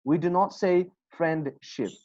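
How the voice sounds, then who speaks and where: A woman teaching an English class online, slowly repeating words and warmly encouraging her students. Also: lowish voice. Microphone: video call. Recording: dull lo-fi video call audio.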